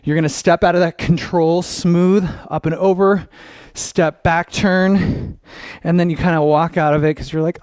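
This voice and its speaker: A young man leads a dance class in an upbeat, encouraging way, counting out each step. His voice sits a little high, and the sound is dry and close. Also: steady tone, normal speed, a little mellow, smooth, dry recording. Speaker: dance teacher.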